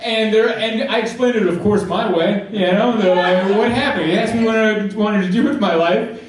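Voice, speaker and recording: A man's voice: high-pitched, fairly even intonation, normal speed, slight background noise. A man performing a stand-up comedy set, telling his story animatedly and acting out scenes. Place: comedy club stage. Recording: echoey stage sound from far off, audience. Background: audience laughing.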